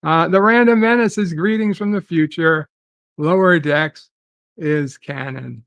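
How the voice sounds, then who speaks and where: A man hosting a casual live stream, reading viewer comments aloud and musing in halting, repeated phrases with lots of fillers. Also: a little high, creaky, fairly bright tone, no room sound. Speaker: host reading chat.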